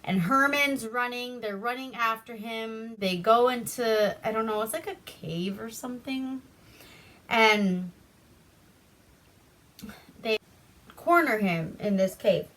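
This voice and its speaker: A woman from Alaska hosting a casual movie recap. She rambles, swears freely and keeps a deadpan tone. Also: fairly high pitch, slow pace, pauses often. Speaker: host.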